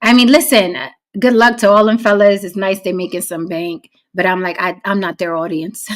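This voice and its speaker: A woman's voice: mid-range voice, steady tone, normal speed. A woman from New York co-hosting a podcast in casual chat, blunt and joking, swearing freely. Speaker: podcast co-host.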